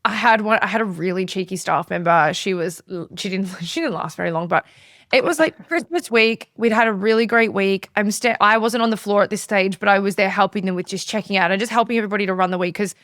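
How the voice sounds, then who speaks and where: A woman's voice: mid-range voice, fast, dry recording, studio quality. An Australian woman hosting a podcast, a business owner chatting casually, acting out dialogue as she tells stories and swearing freely. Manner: lively storyteller who acts out dialogue, swears freely. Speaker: podcast host.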